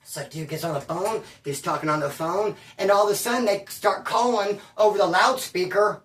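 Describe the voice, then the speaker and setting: A man telling a casual story in an animated, slangy way, calling people bro and dude and stumbling over restarts when he gets worked up. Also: sits high, brisk, recorded from a distance, slight background noise. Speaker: storyteller recounting prison life. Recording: roomy echo, voice away from the mic.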